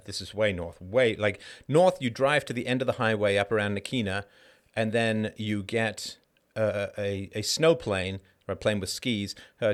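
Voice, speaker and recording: A man hosting a livestream, talking casually and acting out the people in his stories. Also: fairly low pitch. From Canada. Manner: animated storytelling, acts out quoted people. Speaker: livestream host. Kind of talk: casual monologue.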